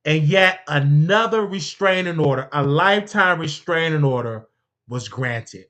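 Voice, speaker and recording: Male show host, bright voice, theatrical mock-outrage rant, stammers when heated. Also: on the high side, animated, unhurried. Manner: addresses a sidekick and the audience. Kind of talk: comedic commentary rant.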